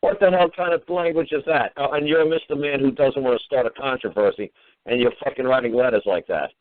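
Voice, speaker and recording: A man's voice: medium pitch, fairly quick, dry recording. A man hosting a call-in radio show, ranting in an exasperated, profane way. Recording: tinny phone-line radio audio.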